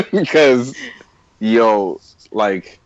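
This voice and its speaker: A man's voice: mid-range voice, very animated, drawn-out words, dull audio. A young man co-hosting a casual podcast chat, loose and slangy, laughing often. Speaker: podcast co-host.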